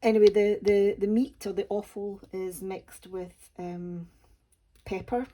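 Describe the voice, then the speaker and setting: Slow, mellow Scottish woman chatting. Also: medium pitch, fairly even intonation. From Scotland. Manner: chatty, homely, self-deprecating humour. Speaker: crafting channel host. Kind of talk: casual chat to camera.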